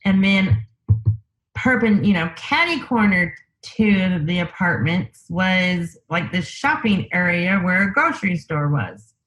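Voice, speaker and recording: A woman guest in a conversational interview, telling a personal story in an unhurried way, thinking aloud with lots of fillers. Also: lowish voice, lively intonation, fairly bright tone, soft background music, poor audio.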